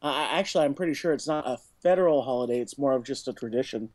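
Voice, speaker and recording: A man's voice: mid-range voice, very fast, darkish tone. A man from the United States co-hosting a podcast, chatting casually and rambling with chuckles and joking asides. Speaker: podcast co-host.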